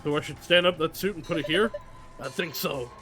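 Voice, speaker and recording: A man's voice: fairly high pitch, brisk, a bit bright, faint music behind. A man streaming a video game live, thinking aloud and reading out game text as he plays. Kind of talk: live game playthrough commentary.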